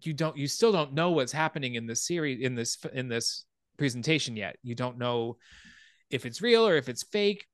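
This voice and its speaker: A man hosting a podcast, casually retelling a film's plot scene by scene in an animated way. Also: mid-range voice, normal speed, no echo. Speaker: podcast host. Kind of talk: casual film recap.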